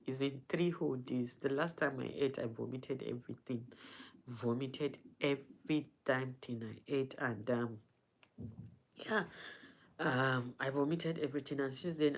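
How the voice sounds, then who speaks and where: A woman talking to her followers in a personal vlog, halting and emotional, with frequent restarts, sounding weak and in pain. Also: rumbling low. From Nigeria. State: in pain and weak from not eating. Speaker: vlogger.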